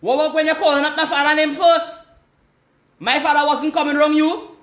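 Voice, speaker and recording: A man's voice: extremely high pitch, flat delivery, normal speed, fairly bright tone, reverberant. A man, hosting a live call-in stream, talking in an agitated, repetitive way. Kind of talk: casual live call-in chat.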